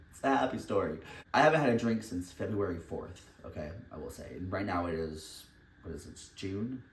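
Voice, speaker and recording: A young man vlogging while baking at home, talking candidly and rambling, laughing often and swearing casually. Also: lowish voice. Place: home kitchen, indoors. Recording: echoey room, distant mic.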